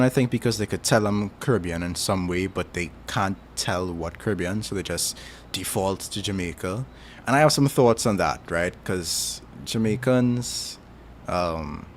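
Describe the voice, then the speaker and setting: Low-voiced Trinidadian man chatting casually. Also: a little hiss or hum. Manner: rambling, thinks aloud with many fillers. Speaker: streamer answering chat. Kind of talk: casual chat.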